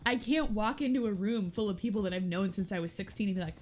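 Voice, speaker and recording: A woman's voice: fairly high pitch, animated, fast, few pauses. Chatty, laughing woman streamer in her thirties. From Texas. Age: 30s. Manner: chatty and self-mocking, laughs often and swears casually. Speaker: streamer playing a roleplay game. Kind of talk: casual chat.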